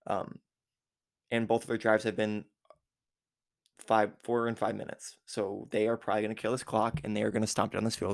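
A man with a low, gravelly voice talks through a football game play by play. He rambles and corrects himself often, with many fillers. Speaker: football fan recapping a game. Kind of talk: casual game recap. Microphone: recording app with a time limit.

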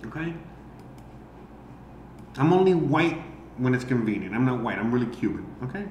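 A man's voice: mid-range voice, sing-song, normal speed, long pauses, darkish tone. A man, an amateur comedian streaming, ranting casually and profanely and rambling with many fillers. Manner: rambling, heavy on "you know" fillers. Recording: roomy echo, faint background noise.

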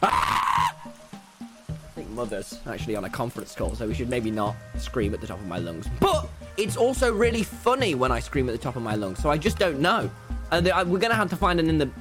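A young man streaming a game live, loud, boastful and jokey, often yelling and laughing at his chat. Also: mid-range voice, big pitch swings, quick pace, over music. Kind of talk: excitable gaming livestream chat. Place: home room.

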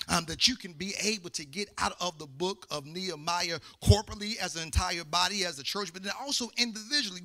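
A man's voice: high-pitched, bright, forceful tone. A male pastor preaching to his congregation, reading scripture in a rising, sing-song preacher's cadence. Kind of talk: sermon. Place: church sanctuary with congregation.

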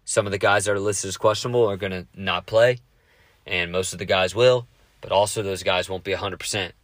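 Deep-voiced dude ranting about football, swears a lot, talks fast, dry close mic. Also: male voice, steady tone, a bit bright, no room sound. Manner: fast, profane, rambling. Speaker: sports podcast host. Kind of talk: casual sports talk.

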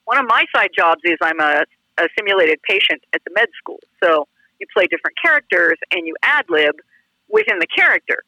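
A woman from Pittsburgh, a former radio DJ, chatting as a guest in a casual interview. She talks with lively, expressive intonation. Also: mid-range voice, a little fast, no echo, low-quality recording.

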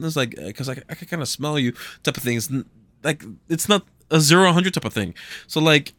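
A man's voice: fairly high pitch, lively intonation, a little fast, sharp tone, dry recording. Hesitant man, dry close sound. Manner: hesitant, lots of fillers and restarts. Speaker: podcast co-host. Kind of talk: casual podcast chat.

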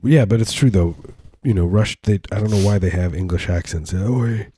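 A man's voice: deep voice, fairly quick, warm tone, husky, no room sound, clean studio sound. A man in casual comedic chat, rambling and joking, often slipping into silly voices. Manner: rambling, jokey, slips into silly put-on voices.

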